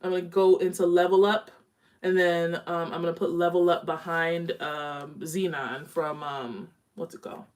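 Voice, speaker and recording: Chatty woman with a low voice. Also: steady tone, normal speed. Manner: chatty, candid, talks while applying makeup. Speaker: beauty vlogger. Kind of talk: casual live makeup chat. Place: home.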